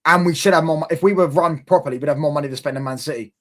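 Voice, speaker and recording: Male reaction host, exasperated ranting, slightly high voice. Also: very fast. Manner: exasperated, repetitive, frequent rhetorical questions. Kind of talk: casual reaction rant.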